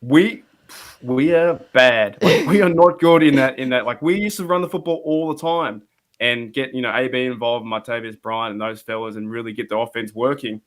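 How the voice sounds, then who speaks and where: A man's voice: medium pitch, normal speed. A man with an Australian accent calling in to a sports show, talking animatedly with frequent restarts. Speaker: caller. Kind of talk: casual sports call-in chat.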